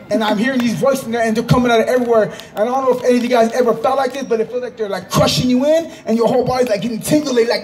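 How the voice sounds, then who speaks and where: A man with a very high-pitched voice gives a fervent spoken testimony in an outdoor park. He talks in urgent bursts, often rising into a shout and repeating phrases for emphasis. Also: fast talker. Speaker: person giving a religious testimony.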